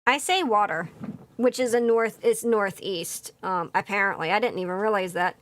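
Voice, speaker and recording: This woman, a VTuber with a Philadelphia accent, rambles casually as she builds a model kit, often restarting and leaning on fillers. Her mid-range voice is a bit bright and moderately paced, with a little hiss or hum on the recording and faint music in the background.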